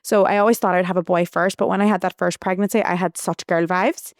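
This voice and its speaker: A young woman talks through a story on her podcast, rambling and restarting as she goes. Her voice is smooth and clear, recorded close and dry. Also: fairly low pitch, steady tone, fast, no echo. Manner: chatty, rambling, with frequent restarts and "like". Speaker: podcast host. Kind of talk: casual storytelling monologue.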